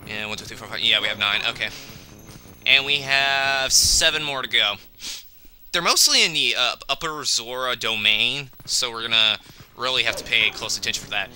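A man's voice: mid-range voice, moderate pace, sharp tone, clear, resonant tone. A young man giving casual, joking game commentary, chatty and a bit grumbly.

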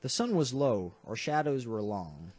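A man's voice: mid-range voice, big pitch swings, measured pace, darkish tone, soft background music. A man reading a visual novel aloud for a let's play, earnest but stumbling and correcting himself now and then.

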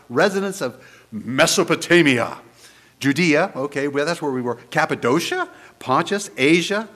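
A man preaching a sermon in church, animated and conversational, posing many rhetorical questions to the congregation. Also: on the high side. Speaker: pastor.

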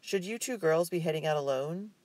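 A man voicing a cheerful, proper store clerk in an audiobook, his voice raised and lively. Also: a little high, brisk, no echo, voice pushed up, close to an everyday voice.

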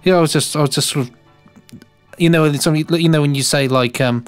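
A man's voice: on the high side, quick pace, clean tone, soft background music. A man co-hosting a casual podcast, speaking hesitantly with many restarts. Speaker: podcast co-host. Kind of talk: casual chat.

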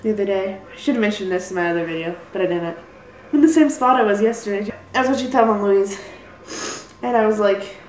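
A woman's voice: medium pitch, quick pace, roomy sound, slight background noise, rough recording. A young woman rambling through a casual vlog, apologizing often and putting herself down. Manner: rambling, apologetic, self-deprecating. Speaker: vlogger. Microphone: built-in computer mic.

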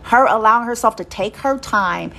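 A woman's voice: a little high, moderate pace, creaky, sharp tone. Woman, casual motivational speaker; blunt, emphatic, conversational, drops the odd curse word. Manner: emphatic, conversational, peppered with "you know" and "okay?". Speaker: speaker sharing life advice. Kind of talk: casual motivational talk to camera.

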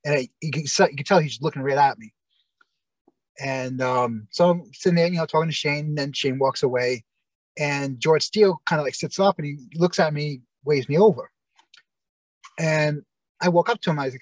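A man's voice: on the high side, normal speed, dry recording, rough recording. A man telling long, rambling stories as the guest in an interview, often restarting and quoting what people said. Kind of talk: casual storytelling interview.

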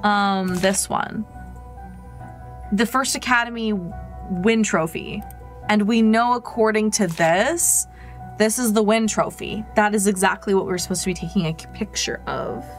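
A woman streaming a game, chatting casually to her viewers and telling stories in an animated way. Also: medium pitch, unhurried, faint music behind. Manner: chatty, animated storyteller talking to chat. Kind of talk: casual gameplay chat.

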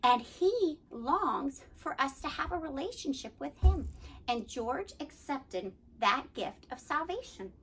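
A woman's voice: sits high, measured pace. A woman leading a children's club, talking playfully to kids at home and telling them a story. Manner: lively and playful, addressing kids directly. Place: church setting, streamed to children at home.

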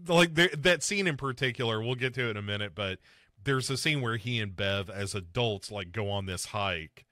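Male podcast host, casual and animated, bright forceful voice, dry close mic. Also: moderate pace, no room sound. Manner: animated, swings pitch up to mock and mimic film characters. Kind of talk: casual chat reviewing a film.

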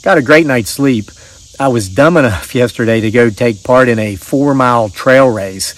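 A middle-aged man hosts his channel, chatting casually and reading viewer stories aloud. His mid-range voice moves at normal speed, and his manner is rambling and folksy, with frequent restarts.

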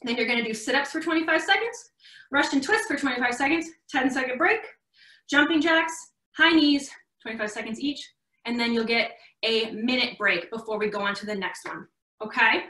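A woman's voice: fairly high pitch, moderate pace, sharp tone, far from the mic. A young woman coaching a live online workout class, encouraging and a little out of breath, heard from across an echoey room. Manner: encouraging, upbeat instructions. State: slightly out of breath. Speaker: fitness coach.

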